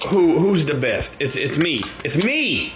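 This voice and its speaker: A man's voice: fairly high pitch, lively intonation, a little slow, over music. A man doing a rambling comic rant full of incredulous rhetorical questions. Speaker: comedian.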